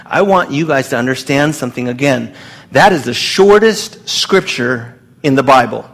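A man preaching a sermon to his congregation in an earnest, emphatic way, pausing and restarting as he speaks. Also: mid-range voice, animated, a bit bright. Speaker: pastor.

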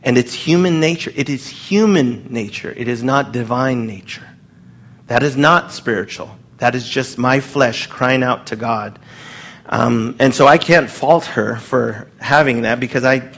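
A man preaching a sermon in a loose, conversational way, with fillers and asides, and acting out quoted lines. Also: a bit bright. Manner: acts out quoted lines with rising pitch.

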